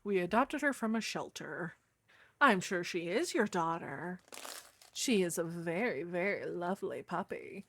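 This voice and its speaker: A woman's voice: fairly low pitch, lively intonation, a little slow. An American woman streamer in casual chat with her viewers, on a streaming microphone. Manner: casual, chatty, talking to chat.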